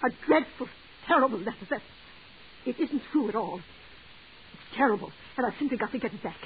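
An actress playing a jealous, desperate wife who pleads in a breathless, overwrought way, in 1940s radio acting style. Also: female voice, on the high side, expressive, normal speed, natural voice. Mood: pleading. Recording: tinny old radio broadcast with hiss.

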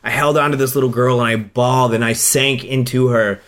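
Speaking briskly with a steady, fairly bright mid-range voice, this podcast co-host and radio host rambles through casual conversation. He's in his thirties, and his talk is emotional and full of restarts.

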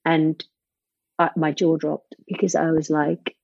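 A woman's voice: deep voice, level tone, a little slow, vocal fry, darkish tone, husky, no room sound. A woman in her forties, a parent speaking as an interview guest, telling personal stories candidly and retelling scenes by quoting what others said. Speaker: guest, parent of a child with type 1 diabetes. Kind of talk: emotional personal storytelling. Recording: dull lo-fi recording.

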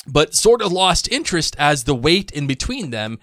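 Joking guy podcast cohost, lively voice bouncing all over, dry close sound. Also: on the high side, normal speed, no echo. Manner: joking, animated, laughs often. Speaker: podcast co-host. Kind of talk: casual chat, reading listener emails.

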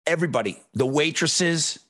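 A man's voice: a little high, normal speed. A man chatting casually as a podcast co-host, telling stories animatedly and swearing freely. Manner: animated storyteller, mimics yelling relatives.

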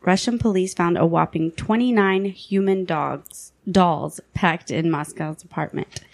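Woman host reading out a spooky list, lowish voice, dry sound. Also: unhurried, creaky, no room sound. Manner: steady reading voice, laughs between items. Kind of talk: reading list items in casual chat.

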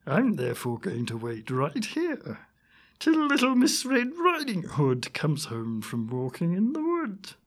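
A man's voice: high-pitched, huge pitch swings, unhurried, pitched above the performer's own voice, full character voice. A man voicing a sly, hungry wolf in a storybook reading, growling and menacing. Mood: scheming. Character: sly hungry male wolf, greedy and leering.

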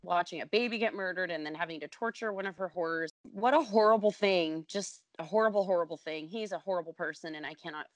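A woman's voice: fairly low pitch, fast talker, hardly any pauses, no echo. A woman co-hosting a casual podcast chat, ranting with lots of swearing. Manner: animated, profane ranting. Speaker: podcast co-host.

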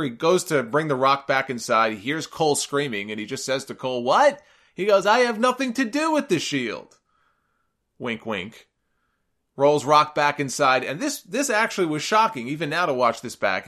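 Man animatedly recapping a wrestling match. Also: medium pitch. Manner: animated, amused, quotes people in raised voices. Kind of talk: casual storytelling recap.

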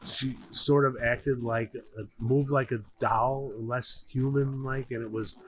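A man's voice: medium pitch, steady tone, takes it slowly, a little hiss or hum, low-quality recording. A man in casual podcast chat, thinking aloud in a curious, hesitant way. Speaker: podcast guest.

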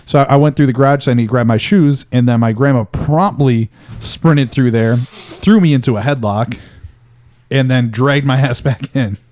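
A young man chatting casually on a podcast, telling stories in a rambling, halting way. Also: mid-range voice, a little mellow. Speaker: podcast co-host. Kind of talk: casual chat.

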